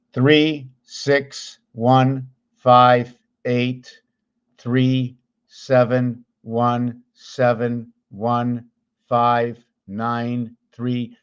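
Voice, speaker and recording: A video host with a mid-pitched, clean-toned voice thinks aloud while explaining number patterns, counting, pausing, and correcting himself as he goes. The recording sounds dull and lo-fi.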